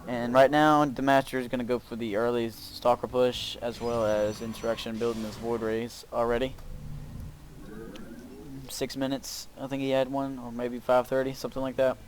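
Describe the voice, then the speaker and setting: A man's voice: mid-range voice, little pitch movement, moderate pace, slight background noise. Rambling man narrating his game replay. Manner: rambling, filler-heavy, self-narrating. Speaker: gameplay commentator. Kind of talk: casual game commentary. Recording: faint music behind voice. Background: faint background music.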